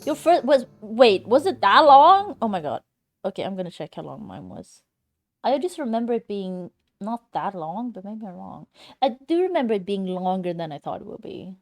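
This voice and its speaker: Animated young woman streamer. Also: mid-range voice, moderate pace. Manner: animated, swears freely, talks straight to chat. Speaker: live streamer. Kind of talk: casual gaming stream chat.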